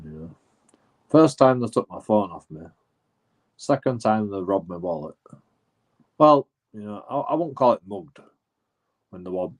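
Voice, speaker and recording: A man's voice: on the low side, darkish tone. A man telling a rambling, sweary story as a streamer, full of restarts and asides. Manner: rambling, sweary, lots of "you know" and restarts. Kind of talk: casual storytelling.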